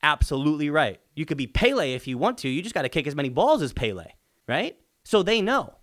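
A man who is a father and hosts a podcast, talking alone with emphatic repetition and stretches of rising, excited urging. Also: fairly quick. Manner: earnest, emphatic, repeats key phrases; builds to excited high-pitched urging. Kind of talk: motivational solo podcast talk.

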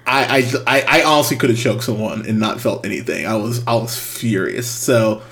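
A man's voice: lowish voice, moderate pace. Exasperated young man telling a story. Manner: animated, exasperated, breaks into laughs. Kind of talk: casual anecdote telling.

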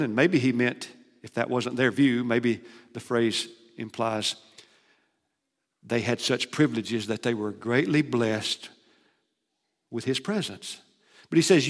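A man preaching a sermon, shifting between emphatic, loud declarations and hushed, quiet passages. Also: mid-range voice, a little slow, pauses often. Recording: long hall reverb.

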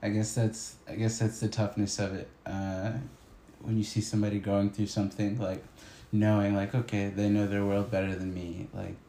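A man's voice: lowish voice, little pitch movement, moderate pace, dark tone. A man teacher talking casually and reflectively, often hesitating and restarting sentences. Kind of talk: casual conversation. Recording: echoey room with faint noise.

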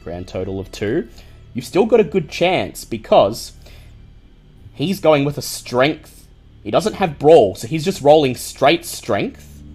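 Slow-narrating man running a tabletop game. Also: a little high, big pitch swings, a little mellow, slightly rough, soft background music. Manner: measured, descriptive narration. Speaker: game master.

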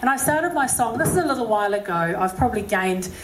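A woman with a New Zealand accent speaks to a live audience between songs, telling a story in a chatty, self-deprecating way. Her voice sits a little high. The sound is roomy, with faint ambience behind it. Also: animated, fast, background noise. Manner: chatty, self-deprecating, with many "you know" fillers. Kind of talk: personal story and encouragement talk.

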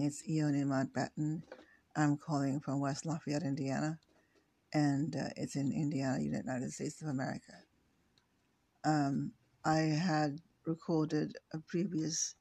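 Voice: medium pitch, darkish tone, breathy edge. An author reading their own book aloud, who makes hesitant asides with fillers. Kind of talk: audiobook reading.

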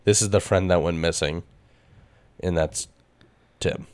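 A man's voice: sits low, steady tone, a little slow, a little mellow. A man co-hosting a podcast in casual chat, joking crudely and swearing a lot. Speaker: podcast co-host.

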